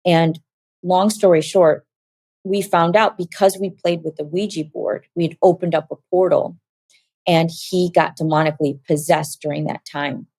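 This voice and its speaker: A woman telling a personal story as an interview guest, animated and acting out quoted dialogue. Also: on the low side, moderate pace, no echo.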